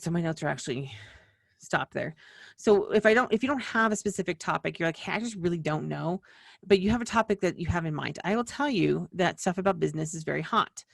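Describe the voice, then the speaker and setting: A woman's voice: on the low side, vocal fry, no echo, studio quality. A woman hosting a small-business video, from the western United States, talking in a chatty, rambling way full of asides and restarts. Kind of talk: casual rambling explainer.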